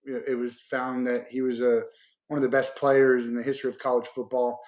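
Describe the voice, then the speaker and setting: A man's voice: medium pitch, flat delivery, fairly quick, a little mellow. Casual male host in an echoey room. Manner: casual, hesitant with fillers. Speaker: podcast host. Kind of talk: interview questions, casual chat. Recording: roomy echo.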